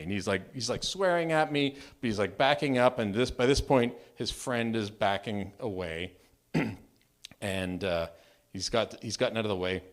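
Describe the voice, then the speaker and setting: A married man telling a true personal story at a live open mic, animated and self-mocking, often restarting his sentences. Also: fairly low pitch, unhurried. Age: adult, married. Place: storytelling venue, live event.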